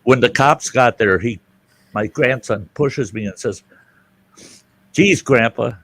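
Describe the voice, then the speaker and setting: An older man telling a story in casual chat, animated and loud, jumping into outraged voices for the people he quotes. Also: medium pitch, measured pace, breathy edge. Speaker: show host telling a story.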